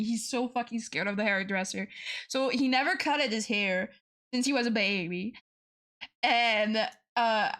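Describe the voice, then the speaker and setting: Swearing French woman, casual streamer chat. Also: on the high side. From France. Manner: swears freely and laughs often, repeats herself when excited.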